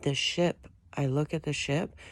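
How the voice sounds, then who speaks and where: A woman's voice: sits low, steady tone, a little slow, no room sound. A woman vlogger telling a long story in a casual, rambling way, with many restarts and fillers.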